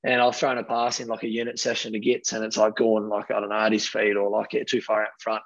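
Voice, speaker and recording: A fairly low-pitched Australian man in his thirties talks fast with few pauses, a professional rugby player appearing as a guest. He tells casual stories, rambling and animated, heavy on fillers and acting out quotes; the audio is dull with no room sound.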